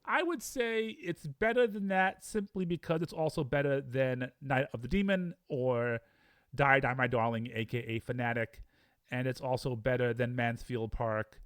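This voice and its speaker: A man's voice: mid-range voice, normal speed, clear, resonant tone, no room sound, clean studio sound. A man talking casually and with enthusiasm as he ranks films, weighing each one aloud against the others. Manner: chatty, enthusiastic, debates rankings aloud with himself. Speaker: film reviewer. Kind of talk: casual film-ranking monologue.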